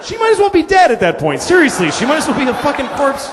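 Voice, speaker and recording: A man's voice: very high voice, wildly swooping pitch, quick pace, noisy background. A man in his forties performing a stand-up set, telling crude, exasperated stories and slipping into put-on voices. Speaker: stand-up comedian. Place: large theater stage before a laughing crowd. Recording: live hall recording with crowd laughter and reverb.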